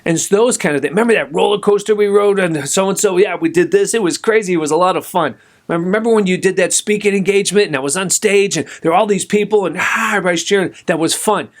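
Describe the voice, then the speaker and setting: Animated, slightly high-voiced male podcast host. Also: fast talker. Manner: animated, conversational, talks straight to listener. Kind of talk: storytelling monologue.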